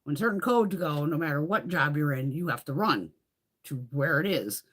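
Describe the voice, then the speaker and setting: A woman's voice: low-pitched, lively intonation, normal speed, fairly bright tone, breathy edge. A woman hosting a beauty livestream, rambling casually with lots of swearing and laughter. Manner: rambling, profane, laughs often. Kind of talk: casual livestream chit-chat.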